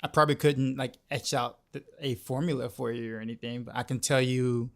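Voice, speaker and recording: A man's voice: mid-range voice, flat delivery, a little fast. A man streaming a game, chatting casually and rambling with lots of filler words. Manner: rambling, many "like" fillers and repeats. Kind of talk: casual livestream chat while gaming.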